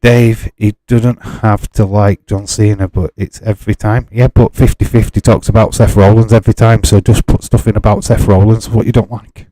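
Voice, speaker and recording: A man hosts a live stream in a casual, chatty way, often laughing and pushing back at his viewers. His voice sits fairly low with a warm, mellow tone. The sound is close and dry, with no room echo. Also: flat delivery, moderate pace, few pauses. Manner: exasperated, chatty, laughs often, reads chat aloud.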